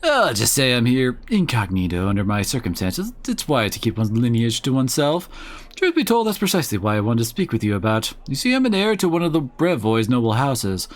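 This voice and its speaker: Young male noble heir, polite, ambitious, smooth, animated, as a gamer reads him. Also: mid-range voice, fairly quick, natural voice. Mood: courteous.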